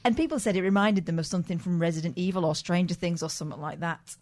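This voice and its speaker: A woman's voice: on the low side, fast, darkish tone. A woman co-hosting a podcast, reading out news stories and bickering dryly with her co-host. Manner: dry, sarcastic, bickering. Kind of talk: casual comedic chat.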